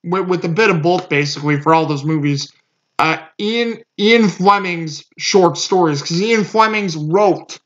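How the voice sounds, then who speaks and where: A man's voice: high voice, measured pace. A man giving a casual movie review, rambling with lots of fillers and restarts. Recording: muffled lo-fi recording.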